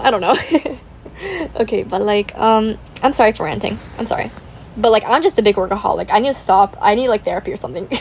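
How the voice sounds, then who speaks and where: A woman's voice: medium pitch, darkish tone, slight background noise. A young woman hosting a gaming channel, rambling in casual chat, saying "like" constantly, giggling and apologizing.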